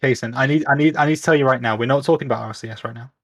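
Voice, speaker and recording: A chatty British man hosts a casual online league stream. He talks in an upbeat, easygoing way and often pokes fun at himself. His voice sits at a middle pitch. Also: very fast. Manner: upbeat, chatty, self-mocking. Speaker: league host and caster. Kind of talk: casual esports stream talk.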